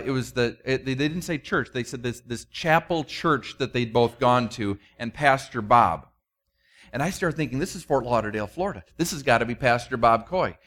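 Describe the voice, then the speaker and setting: Conversational male preacher, slightly high voice. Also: a bit bright. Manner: conversational, self-deprecating, many restarts, acts out quotes. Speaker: pastor. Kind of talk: sermon.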